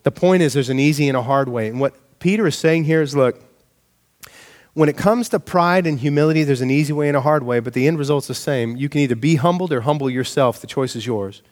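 A pastor delivers his sermon in a casual, animated style. He asks his listeners rhetorical questions as he goes. His voice sits a little high for a man. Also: brisk.

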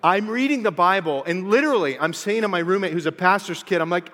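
An animated preacher in his forties, a man with a high, bright voice that rings through a long-reverb church hall. He tells stories and acts out quotes with lively energy. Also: fast talker, hardly any pauses. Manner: animated storytelling with acted-out quotes. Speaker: pastor. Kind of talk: sermon.

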